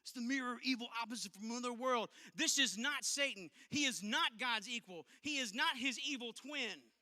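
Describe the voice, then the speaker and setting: A youth pastor, preaching to teens in an emphatic, conversational way with punchy asides. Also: male voice, very high voice, moderate pace, bright, forceful tone. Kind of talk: youth sermon. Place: church auditorium. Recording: long reverb of a large hall.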